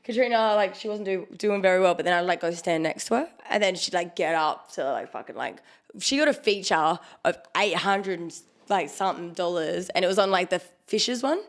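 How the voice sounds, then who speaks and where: A woman's voice: fairly low pitch, expressive, fairly quick. A young Australian woman, a podcast guest, chatting casually, teasing and giggling often. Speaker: guest, karaoke host and skimpy. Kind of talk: casual chat.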